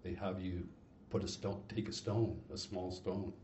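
Deep flat-voiced man, echoey hall. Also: slight background noise. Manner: earnest, reflective, halting. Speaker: speaker introducing the next share. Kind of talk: heartfelt talk at a recovery convention. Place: convention hall.

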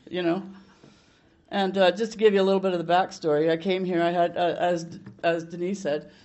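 A woman's voice: on the low side, fairly even intonation, fairly quick, a little mellow, lo-fi sound. An older woman from Canada sharing her recovery story at a meeting, in a blunt, salty way with many restarts.

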